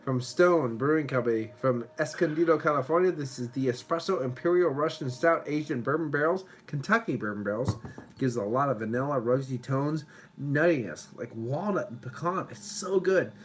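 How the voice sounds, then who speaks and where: A man casually reviewing a beer on a live stream at home, rambling, swearing, and now and then breaking into shouts at viewers. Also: medium pitch, normal speed, slight background noise, poor audio.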